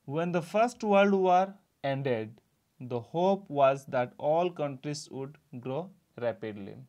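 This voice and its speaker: Teacher, repeating and quizzing. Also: male voice, a little high, lively intonation, slow pace, darkish tone. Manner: repeats each sentence and quizzes with rhetorical questions. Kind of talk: classroom lecture explaining a textbook.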